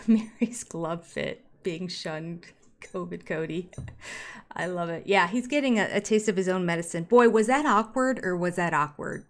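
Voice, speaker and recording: A woman in her sixties hosting a casual live stream, reading out viewer comments with little laughs and chatty asides. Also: mid-range voice. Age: 60s. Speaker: YouTube host reading live chat.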